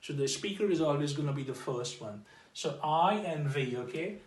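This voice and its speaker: A man teaching an informal English grammar lesson, explaining slowly and repeating himself, checking in with "okay?" after nearly every phrase. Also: on the high side, expressive, distant mic. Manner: slow, repetitive explaining with restarts. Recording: echoey room, voice off-mic.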